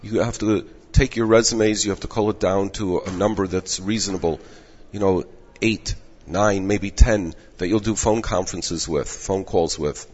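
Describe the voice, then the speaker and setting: A fairly low, husky-voiced man losing his voice, explaining in a measured, advising way. The recording is dull with a long echo around him. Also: steady tone, darkish tone. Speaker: rabbinic placement director. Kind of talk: explanatory interview answers. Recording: echoey dull room audio.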